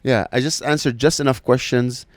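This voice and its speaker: A man's voice: mid-range voice, steady tone, fairly quick. A man co-hosting a comedy podcast, telling a story in casual chat and acting out the people in it. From Arab background. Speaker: podcast co-host.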